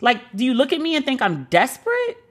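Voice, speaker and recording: A woman's voice: sits high, fairly quick. A divorced woman hosting a podcast, telling a candid dating story with lots of swearing and acted-out quotes. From Brooklyn. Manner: animated, profane, acts out quoted dialogue. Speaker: podcast host.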